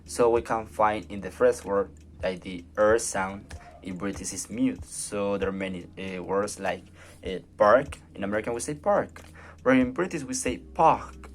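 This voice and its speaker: Colombian guy presenting for class, lowish voice, lots of uhs and restarts. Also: moderate pace, slight background noise. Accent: Colombian Spanish. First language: Spanish. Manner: hesitant, many fillers and restarts. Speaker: student presenter.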